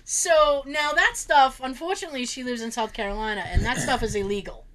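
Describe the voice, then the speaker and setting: A woman telling a long funny family story in casual chat, animated and laughing often. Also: on the high side, fairly quick. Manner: animated, laughs often, acts out relatives' voices.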